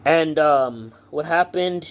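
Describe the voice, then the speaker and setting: A man's voice: fairly high pitch, takes it slowly. Teen boy vlogging, rambling and profane. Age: teens. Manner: rambling with many fillers, blunt and profane. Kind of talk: casual storytelling to camera.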